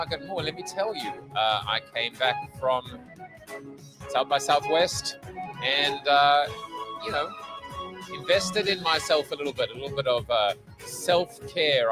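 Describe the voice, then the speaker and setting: A man's voice: mid-range voice, poor audio. A man hosting a casual livestream, talking in a jokey, rambling, self-mocking way. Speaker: host.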